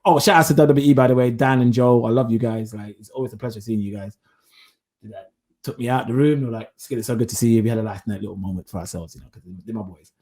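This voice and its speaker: A man's voice: mid-range voice, fast. A man co-hosting a podcast, telling a story in casual chat and acting out the lines of the people in it. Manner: animated storytelling, acts out quotes. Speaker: podcast co-host.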